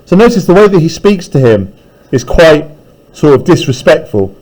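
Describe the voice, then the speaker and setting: A man's voice: a little high, big pitch swings, moderate pace, a little mellow, low-quality recording. A male teacher reading a novel aloud in a classroom and breaking off to explain it in casual terms. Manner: reads aloud, then paraphrases casually.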